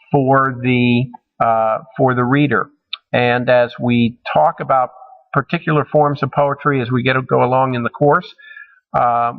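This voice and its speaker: A male college instructor talks through a recorded lecture at an unhurried, deliberate pace, mid-pitched and even. He pauses often with ums and restarts his sentences as he explains. The sound is dull and lo-fi. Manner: measured, halting with frequent ums and restarts.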